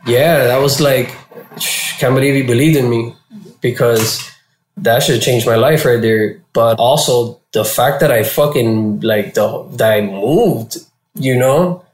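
A man from Florida, a guest in an interview, telling his story casually with heavy slang and swearing, and getting animated when he quotes people. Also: mid-range voice, measured pace. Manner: profane and slangy, animated when quoting others. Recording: roomy echo.

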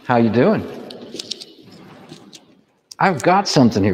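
A man as priest or deacon, reading the gospel and giving an animated homily to children, asking them questions. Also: medium pitch, a little slow, slight background noise. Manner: animated storytelling, asks kids questions. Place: church. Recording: long church reverb.

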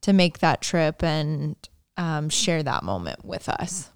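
A woman in her thirties co-hosting a podcast, telling stories in a chatty, animated way. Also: low voice, slow, clean tone, no echo, clean studio sound. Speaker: podcast co-host. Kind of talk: casual chat.

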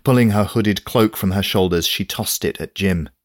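A man with a very low voice narrates an audiobook in a steady, measured way. The sound is close and dry, with no room around it. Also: dry recording. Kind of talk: scripted narration.

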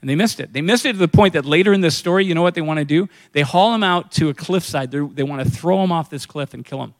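Man, pastor, casual sermon delivery, talks straight to the congregation, fairly high voice. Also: fast. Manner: conversational preaching, acts out quoted voices, asks the congregation questions.

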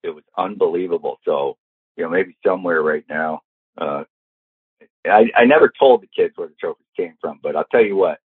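A man telling a long casual anecdote, lively and acting out the voices of the people in it. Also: sits low, a little fast, breathy edge, no echo. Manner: animated, acts out quoted voices. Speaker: storyteller guest. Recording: tinny phone-like sound.

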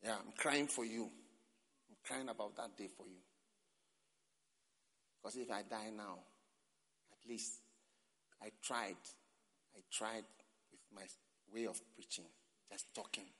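A man preaching an emotional sermon at a camp meeting, speaking very slowly. His voice is bright and sits a little high. The sound rings out with a long hall reverb. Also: slightly rough. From Ghana. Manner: slow, emotional preaching with cries and laughs.

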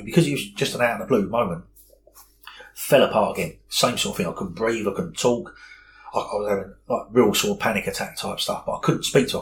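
A man speaks in a low, grounded voice. He talks plainly and earnestly, and he often doubles his words as he works through a thought. A faint background hiss sits under the voice. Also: poor audio. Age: 40s. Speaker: guest. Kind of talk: candid personal interview.

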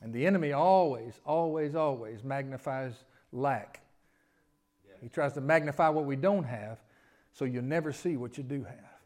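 A male pastor preaching a sermon, swinging from loud emphatic lines to quiet asides and stacking rhetorical questions. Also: medium pitch, normal speed. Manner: repetitive, building lists of rhetorical questions.

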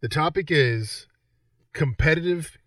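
A man's voice: fairly high pitch, unhurried, a bit bright, dry recording, clean studio sound, distant mic. A man hosting a game show segment on a sports podcast, joking and reading quiz questions aloud. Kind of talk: casual podcast banter.

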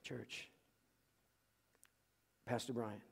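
A man preaching a sermon as pastor in a church, emphatic and fond of repeating key phrases, moving between quiet asides and raised, pointed lines. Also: medium pitch, flat delivery, very slow, gravelly, husky. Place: church sanctuary. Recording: long reverb of a large hall.

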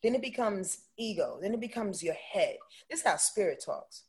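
A woman with a husky, breathy voice talks as a guest in a casual interview. She is animated and emphatic and keeps tagging her points with "right?". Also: medium pitch, normal speed. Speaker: guest, intuitive astrologer.

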